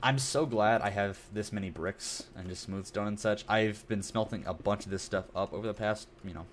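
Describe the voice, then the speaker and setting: A man's voice: fairly low pitch, normal speed, slight background noise. A young man streaming a building game, chatting in a rambling, self-deprecating way with lots of asides. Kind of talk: casual gameplay commentary.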